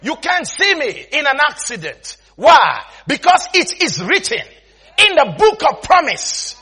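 A man preaching a sermon in an animated way, often laughing and breaking into shouts. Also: very high voice, unhurried.

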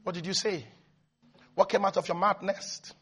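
A man preaching a sermon as a pastor, emphatic and repetitive, with sudden loud rises. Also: high voice, fairly even intonation, moderate pace, slightly rough.

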